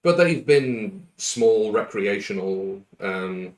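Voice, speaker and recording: A man running a tabletop role-playing game as game master, answering the players in a measured, deliberate way with frequent fillers. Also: on the low side, lively intonation, rough recording.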